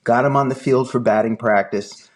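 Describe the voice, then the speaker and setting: An older man, a film producer guest, telling a long anecdote in an animated way and acting out the dialogue. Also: mid-range voice, normal speed. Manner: lively anecdotal storyteller, acts out dialogue. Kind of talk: animated storytelling.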